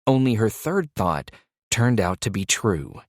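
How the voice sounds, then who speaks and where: A man reading a thriller audiobook in a slow, measured storytelling voice. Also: fairly low pitch, very animated, dry recording, studio quality. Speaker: audiobook narrator. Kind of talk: scripted narration.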